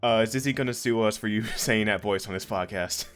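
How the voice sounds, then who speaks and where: A man's voice: on the low side, a little fast, fairly bright tone, clear, resonant tone. A man hosting a podcast, chatting in a playful, joking way and laughing often. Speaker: podcast host. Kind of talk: casual podcast chat.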